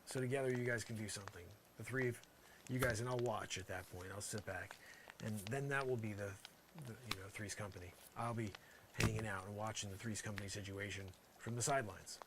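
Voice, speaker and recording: A man's voice: on the low side, brisk, background noise. A man doing an improvised comedy monologue, rambling with exasperated sarcasm and lots of filler phrases. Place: campsite, pretend outdoors.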